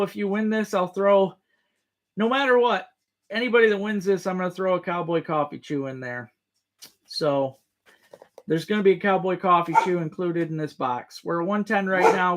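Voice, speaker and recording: A man runs a relaxed live-stream auction, his voice sitting high. He talks at an unhurried pace, repeating each bid, chuckling and greeting viewers by name. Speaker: livestream host running a tackle auction.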